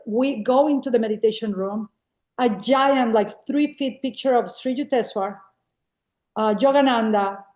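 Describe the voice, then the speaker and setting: Lively storytelling woman, roomy echo. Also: on the high side. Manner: lively, acts out quoted dialogue. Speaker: guest speaker at a spiritual gathering. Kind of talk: casual storytelling on a video call.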